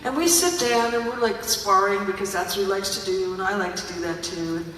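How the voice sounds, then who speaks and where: An older woman, a singer, tells a story on stage in a chatty, animated way, with laughs and many fillers. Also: medium pitch, fairly quick, a little hiss or hum. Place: large theater stage. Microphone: audience phone recording from far off. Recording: echoey theater, phone from far off.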